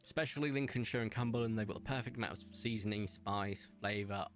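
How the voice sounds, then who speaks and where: Young english streamer, lowish voice, rambling chat, faint music under it. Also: male voice, quick pace. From England. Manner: chatty, enthusiastic, rambling, laughs often. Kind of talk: casual stream chatter while gaming.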